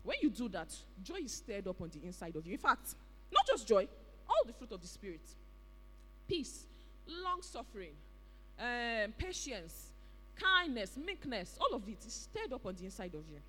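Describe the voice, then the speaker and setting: Nigerian-accented preacher, bright and animated, exclamatory delivery, long hall reverb. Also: medium pitch, normal speed, a little hiss or hum. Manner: animated, exclamatory, with pidgin interjections. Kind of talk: sermon.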